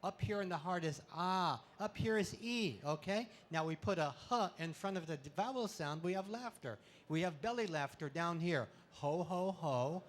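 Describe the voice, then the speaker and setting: High-voiced man cracking puns. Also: moderate pace, few pauses, a little hiss or hum. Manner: pun-filled deadpan jokes; leads audience in loud laughter exercises. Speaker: comedic spiritual speaker. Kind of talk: playful live talk with audience questions. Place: expo hall with audience. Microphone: handheld mic.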